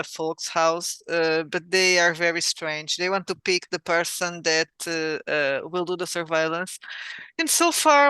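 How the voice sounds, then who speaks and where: Non-native english guy running a tabletop game, lots of uhs, super clear bright voice. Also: sits high, dry recording. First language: not English. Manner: hesitant, laughing, many fillers. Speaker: game master.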